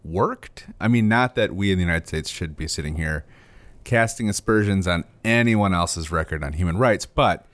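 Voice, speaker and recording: Deep-voiced deadpan podcast host man. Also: normal speed. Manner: deadpan sarcastic joking. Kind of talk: casual podcast chat.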